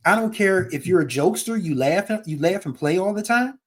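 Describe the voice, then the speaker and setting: Guy hosting a music podcast, kinda high voice, rambly and heartfelt, sings bits of songs. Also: lively intonation, a little fast. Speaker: podcast host. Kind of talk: casual music podcast commentary.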